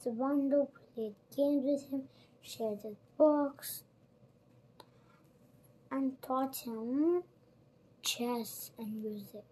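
A child narrating a storybook aloud, reading slowly and carefully. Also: high-pitched, mellow, slightly rough.

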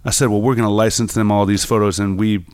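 A man's voice: fairly low pitch, flat delivery, fast, darkish tone, clean tone, no room sound, clean studio sound. A man, a photographer guest, telling rambling anecdotes in casual conversation with many fillers. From New York. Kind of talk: casual storytelling interview.

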